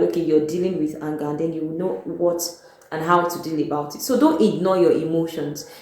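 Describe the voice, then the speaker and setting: A woman's voice: lowish voice, darkish tone. A Nigerian woman giving a motivational talk to camera on her channel, earnest and repeating her key points. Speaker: vlogger. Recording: very echoey room.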